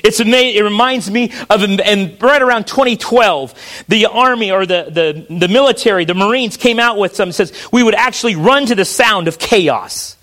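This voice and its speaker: A male pastor with a very high, bright, forceful voice delivers an earnest sermon. He leans on repetition and restarts phrases as he presses his point. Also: normal speed.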